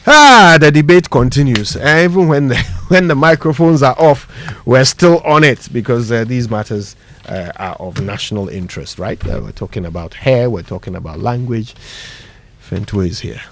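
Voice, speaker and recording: Animated Ghanaian male radio host. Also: mid-range voice, normal speed. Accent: Ghanaian English. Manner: animated, laughs often, drops to quiet asides. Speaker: radio morning show host. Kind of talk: lively radio banter and sponsor reads.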